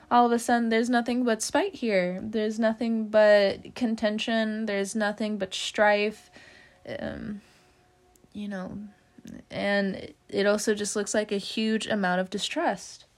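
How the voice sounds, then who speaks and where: A woman giving a casual tarot reading, chatty, with many "you know" fillers, frequent little laughs and casual swearing. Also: mid-range voice. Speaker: tarot reader.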